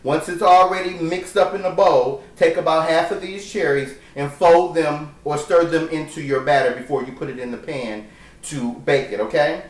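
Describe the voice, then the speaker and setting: Speaking at a normal speed in a somewhat high voice, this man hosts a laid-back cooking vlog in his own kitchen. His talk is campy, cheeky and full of swearing, captured by a distant mic in an echoey room.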